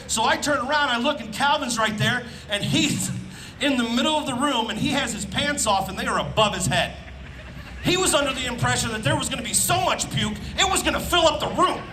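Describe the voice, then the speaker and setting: A man from Indiana performing a loud, animated stand-up comedy set on an outdoor festival stage, speaking into a handheld mic. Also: very high-pitched, background noise. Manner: loud, animated, punching up lines with shouts.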